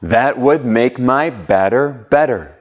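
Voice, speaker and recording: A man's voice: mid-range voice, slow. A man teaching an online English pronunciation lesson, patiently drawing out sounds and leading drills. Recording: muffled lo-fi audio.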